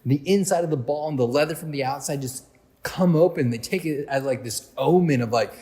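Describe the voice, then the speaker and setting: Chatty youth pastor in an echoing hall. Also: male voice, a little high, brisk, mellow. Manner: conversational, chatty storytelling with fillers. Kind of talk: youth group sermon. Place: church hall. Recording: long hall reverb.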